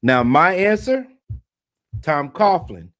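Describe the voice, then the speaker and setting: A man co-hosting a sports podcast who talks things through at length in relaxed, chatty speech. His voice sits a little high for a man. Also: slow. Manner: explains at length, loose and chatty. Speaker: podcast co-host, trivia presenter. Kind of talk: casual sports podcast chat.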